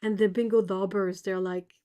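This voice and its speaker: Her voice sits in the middle range, warm and clean, with a steady tone and a moderate pace. She's in her forties and runs a relaxed art livestream, chatting while she paints, reading out viewers' comments, and laughing at her own jokes.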